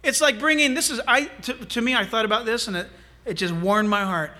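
Animated high-voiced male pastor preaching. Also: a little fast. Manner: animated, humorous preaching with asides. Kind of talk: sermon.

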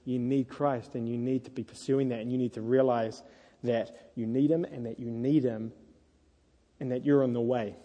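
A married man preaching a sermon to a congregation, earnest and lively when he tells stories. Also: mid-range voice, moderate pace. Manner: earnest, animated storytelling. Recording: echoey hall.

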